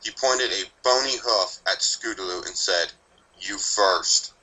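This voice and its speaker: A man narrating a fan story in a steady, even storytelling manner. His voice sits low but sounds very bright and crisp. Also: moderate pace, poor audio. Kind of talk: scripted narration of fan fiction.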